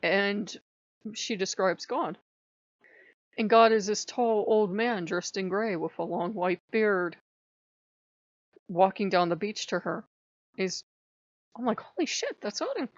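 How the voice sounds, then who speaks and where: A woman's voice: mid-range voice, measured pace, pauses often, fairly bright tone, dry recording, muffled recording. A tired woman talking late at night in a rambling, candid vlog monologue, self-mocking and swearing now and then. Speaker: pagan spiritual vlogger. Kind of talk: casual spiritual vlog monologue.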